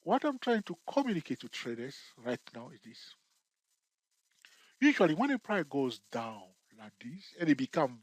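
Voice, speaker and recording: A man's voice: medium pitch, dry recording. A man teaching a chart-trading lesson who keeps checking in with his listeners and jokes now and then. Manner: repetitive, checks in with "okay?" and "all right?"; jokey, laughs at himself. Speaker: trading tutor. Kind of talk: screen-share trading lesson.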